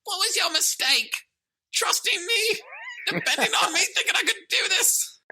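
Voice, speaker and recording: A man doing a squeaky, shouting teen boy cadet. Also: animated, moderate pace, exaggerated voice. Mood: shrill pleading. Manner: squeaky, shouting, voice cracking upward. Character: whiny teenage boy cadet, shrill and defiant.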